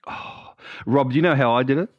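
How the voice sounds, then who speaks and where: A man's voice: mid-range voice, brisk, dry recording. Chatty guy hosting a podcast, kinda dull lo-fi sound, dry. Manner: chatty, animated, playful teasing. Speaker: podcast host. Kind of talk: casual podcast chat.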